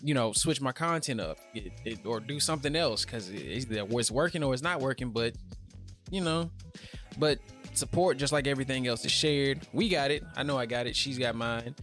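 A man's voice: medium pitch, normal speed, fairly bright tone, faint music behind. A man with a Southern US accent speaking earnestly and colloquially in a casual podcast conversation, often repeating himself.

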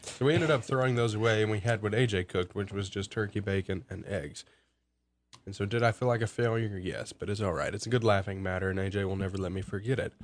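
Guesting on a podcast, an eighteen-year-old Alabama man rambles through casual stories in a lowish voice. He talks fast and pokes fun at himself along the way.

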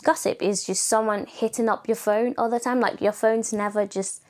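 A young woman with a raspy voice, hosting a casual solo podcast in a chatty, playful way, laughing often. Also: fairly high pitch, steady tone, normal speed. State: voice going raspy. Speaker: podcast host.

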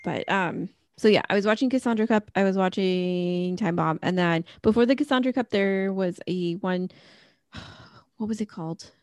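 A woman's voice: fairly low pitch, normal speed, darkish tone, no room sound. A middle-aged woman co-hosting a podcast, chatting casually and rambling with lots of fillers. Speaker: podcast co-host. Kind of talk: casual chat.

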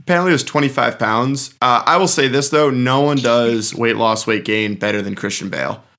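A man's voice: mid-range voice, fairly quick, a bit bright. A man reviewing a film on a podcast in casual chat, emphatic and opinionated.

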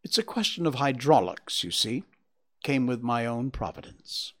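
A man's voice: medium pitch, big pitch swings, moderate pace, close to an everyday voice. A man voicing a shaken, wounded young engineer in a storybook reading, talking in agitated, breathless bursts. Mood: weary.

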